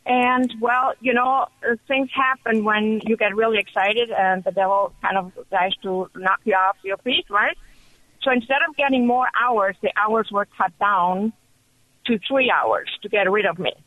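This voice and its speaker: A woman calling in to a radio show, telling her story in an excited, chatty way. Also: medium pitch, normal speed, no echo. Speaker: caller. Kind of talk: call-in radio testimony. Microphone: telephone. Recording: muffled phone line.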